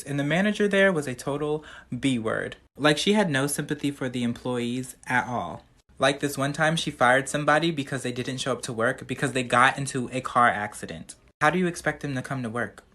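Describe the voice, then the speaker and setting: A woman's voice: extremely low pitch, a little fast, a bit bright. A woman telling a story in a sassy, gossipy way. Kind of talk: casual storytime.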